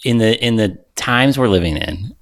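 A man's voice: lowish voice, normal speed, gravelly. A man co-hosting a podcast in casual chat, rambling loosely with lots of fillers. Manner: relaxed, rambling with many fillers. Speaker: podcast co-host.

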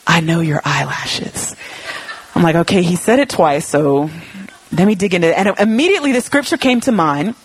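A woman preaching a heartfelt sermon in a church, animated, acting out her own words and God's replies. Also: fairly low pitch, breathy edge, no room sound. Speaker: pastor.

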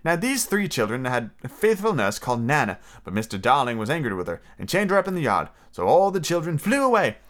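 A man's voice: medium pitch, big pitch swings, a little fast, hardly any pauses, a bit bright. A man voicing a prim, motherly young girl who tells stories with sweet, gushing drama. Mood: storytelling.

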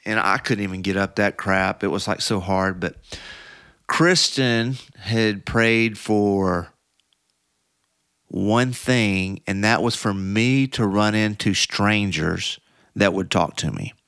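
Low, smooth-voiced man telling a rambling story. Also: takes it slowly, a bit bright, no room sound, studio quality. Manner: rambling, with many fillers and restarts. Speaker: podcast guest. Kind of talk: casual storytelling interview.

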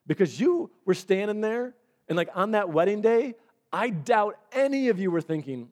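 A man's voice: sits high, big pitch swings, a little slow, a little mellow. A male pastor preaching a sermon in a chatty storytelling manner, often restarting his sentences. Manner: conversational storytelling with repeated restarts.

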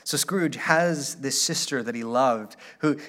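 A man's voice: mid-range voice, measured pace, fairly bright tone. A man preaching a sermon as pastor, earnest and inviting, and reading aloud from a classic story.

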